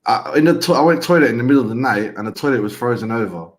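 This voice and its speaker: A man's voice: medium pitch, lively intonation, racing. Guy chatting loose and slangy on a football watchalong, voice bounces around a lot. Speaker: co-host of a fan watchalong stream. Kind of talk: casual chat.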